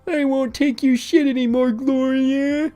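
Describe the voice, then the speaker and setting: A man voicing a wild, shrieking teenage boy classmate in a shrill yell. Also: unhurried, soft background music. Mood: goofy squeal. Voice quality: shrill, yelling.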